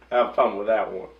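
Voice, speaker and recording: A woman co-hosting a movie podcast, playful and quick to laugh in casual chat. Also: fairly low pitch, highs cut off, background noise.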